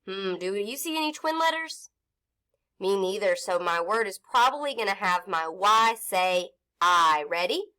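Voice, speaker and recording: A woman's voice: mid-range voice, sing-song, normal speed, sharp tone. A woman teaching an early-grade phonics lesson, patiently sounding out letters and syllables for young children.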